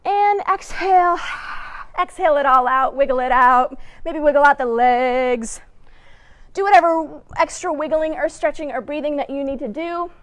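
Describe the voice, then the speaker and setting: Her voice sits high with a fairly bright tone as she runs a kids' story time and guides them through movement activities. Playful and encouraging, she addresses the little ones directly, humming small sound effects and laughing between prompts.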